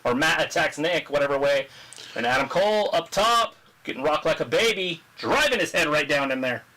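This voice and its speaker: A man hosting a casual live wrestling watch-along, chatting, joking and reading viewer comments aloud while his voice grows hoarse. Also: fairly high pitch, animated, a little fast, bright, forceful tone, low-quality recording. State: losing his voice. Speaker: livestream host.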